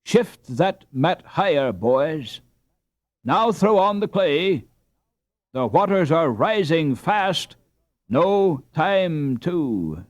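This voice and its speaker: A man voicing a weak, injured Dutch father waking from a long stupor, talking faintly and haltingly. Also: fairly high pitch, big pitch swings, no room sound, voice pushed up, exaggerated voice. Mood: frantic.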